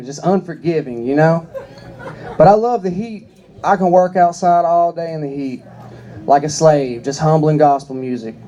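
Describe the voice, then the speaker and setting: A man's voice: on the high side, dark tone. A young man performing a stand-up comedy set on a club stage, drawling through stories and acting out the voices in them. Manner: drawling storyteller, acts out quoted voices.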